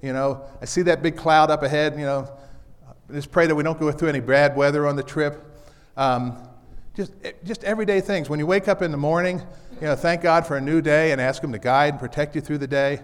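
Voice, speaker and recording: A man's voice: fairly high pitch, fairly quick, smooth, in a large hall. A man preaching a casual sermon in a church, in a folksy way, often repeating his key lines. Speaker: pastor. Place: church sanctuary.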